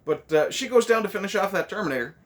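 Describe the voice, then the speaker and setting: A man's voice: high-pitched, lively intonation, quick pace. A man hosting a casual movie review, ranting sarcastically with lots of swearing.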